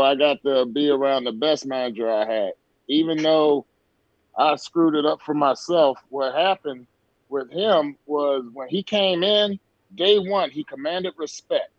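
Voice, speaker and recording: A man's voice: fairly high pitch, dry recording. A man who once played pro baseball, telling stories in a casual sports talk show. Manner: storytelling, emphatic. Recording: dull lo-fi dry sound.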